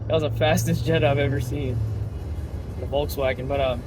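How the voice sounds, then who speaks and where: A man's voice: medium pitch, steady tone, a little fast, music in the background, poor audio. A young man who works at an auto shop, chatting casually and rambling with lots of swearing and fillers while he drives. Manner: profane, rambling, many fillers. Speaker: vlogger and auto shop worker. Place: inside a car on city streets. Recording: clear car and road noise.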